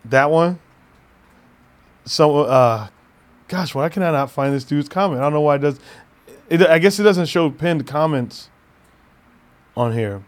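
A podcast co-host with a slightly high, lively voice chats casually at a measured pace, pausing often. He's relaxed, laughs a lot, and swears occasionally.

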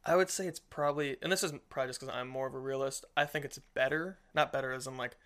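A man's voice: mid-range voice, fast. A man co-hosting a casual Christian discussion podcast, rambling and acting out little quoted voices as he talks. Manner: rambling, animated, acts out quotes. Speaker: podcast co-host.

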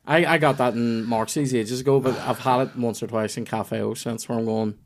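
A man's voice: medium pitch, steady tone, fairly quick. A man, a podcast guest who talks casually and jokes at his own expense, swearing as he goes. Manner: self-mocking, banters and swears. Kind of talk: casual chat.

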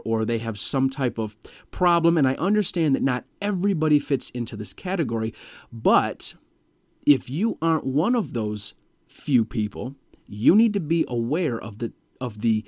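A man's voice: a little mellow, no echo, clean studio sound. Emphatic man coaching sales tonality. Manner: demonstrates pitch and volume by example, emphatic and direct. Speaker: sales trainer. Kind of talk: instructional talk on vocal tonality.

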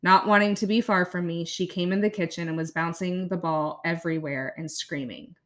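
This thirtysomething podcast host speaks a little fast in a steady, lowish voice while chatting casually and reading her blog out loud, breaking into soft laughter.

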